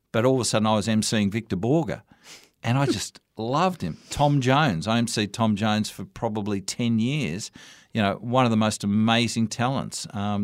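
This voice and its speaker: A man's voice: medium pitch, dry recording, clean studio sound. An older Australian man, a radio broadcaster and MC, telling anecdotes about his career in an interview. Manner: anecdotal, warm storytelling with quoted dialogue. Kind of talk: storytelling interview answers.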